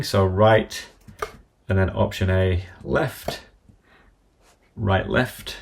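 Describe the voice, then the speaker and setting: Low gravelly man talking through keystrokes. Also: slight background noise. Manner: methodical, calling out keystrokes step by step. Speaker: software tutorial presenter. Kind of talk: screen-recorded software walkthrough.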